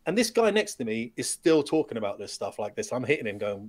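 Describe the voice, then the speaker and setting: A middle-aged man, a retired pilot, telling lively anecdotes as a podcast guest and acting out the dialogue. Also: medium pitch, quick pace. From United Kingdom. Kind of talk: storytelling in a podcast interview.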